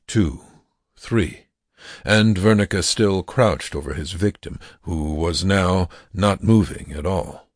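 A man reads a dark tale aloud in a grave, measured way. His voice is very low and unhurried, slightly husky, and sounds close and dry. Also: no room sound. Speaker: narrator. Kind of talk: audiobook narration.

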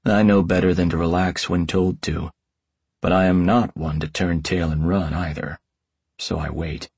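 A man's voice: sits low, fairly even intonation, moderate pace, darkish tone, breathy edge, no room sound. A man reading an audiobook in the first person as a tomcat detective, with a wry, hardboiled delivery. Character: wisecracking tomcat detective narrating. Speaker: audiobook narrator.

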